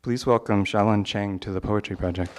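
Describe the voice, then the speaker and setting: A man hosting a poetry reading, introducing the featured poet in a measured, literary delivery. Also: fairly low pitch, fairly even intonation, heavy background noise. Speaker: event host introducing a poet. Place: live reading venue.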